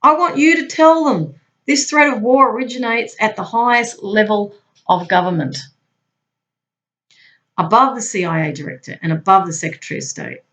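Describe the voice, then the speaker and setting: A ranting older intelligence chief barks out orders, loud and blustering, as a woman reading a transcript puts him on. The voice rides higher than her plain speech while the commands pour out. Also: animated, very fast, hardly any pauses. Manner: shouting, blustering. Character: furious older male intelligence officer, barking orders.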